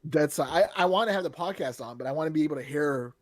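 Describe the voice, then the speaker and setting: A man co-hosting a casual podcast, telling stories in an animated way and acting out the voices of people he quotes. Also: fairly high pitch, fast, dry recording. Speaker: podcast co-host.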